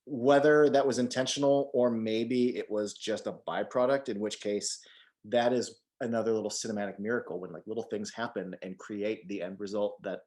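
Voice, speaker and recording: A man's voice: fairly low pitch, fairly even intonation, moderate pace, darkish tone. A man in his forties co-hosting a film podcast in casual chat, joking, swearing and rambling loosely. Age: 40s. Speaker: podcast co-host.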